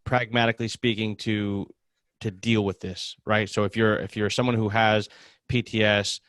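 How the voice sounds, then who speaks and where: A man's voice: fairly low pitch, little pitch movement, fairly bright tone, no echo, studio quality. A man hosting a podcast, asking long questions with many restarts. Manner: halting, restarts phrases while asking. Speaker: podcast host. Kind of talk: conversational interview questions.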